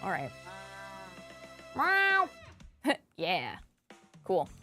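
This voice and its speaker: This is a woman hosting a game livestream, chatty and excitable as she talks to her chat mid-race. Her voice sits a little high and swings widely up and down. Faint game music plays behind her. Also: a little slow. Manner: excitable, self-mocking, chatty with viewers. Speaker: livestream co-host playing a kart racing game. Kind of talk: casual livestream banter.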